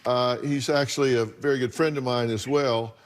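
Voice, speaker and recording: A man's voice: mid-range voice, steady tone, moderate pace. A man hosting a TV talk show, interviewing a guest with wry, probing, teasing questions.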